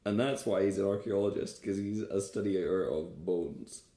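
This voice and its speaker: Deadpan low-voiced man in echoey room. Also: normal speed. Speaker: podcast co-host. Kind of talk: casual chat. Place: living room.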